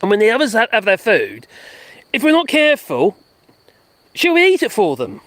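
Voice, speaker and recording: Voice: medium pitch, huge pitch swings, moderate pace, a bit bright, dry recording. Rambling live-streamer. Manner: chatty and rambling, laughs often. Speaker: livestream host. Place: outdoors in a garden.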